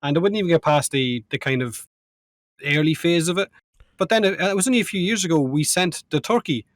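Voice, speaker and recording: A man with an Irish accent spins a long, joking story for his friends on a podcast. His voice sits somewhat high, and the recording is dry, with no room sound around him. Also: animated, no room sound. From Ireland. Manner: storytelling, joking, quick asides. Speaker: podcast co-host. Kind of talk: casual chat among friends.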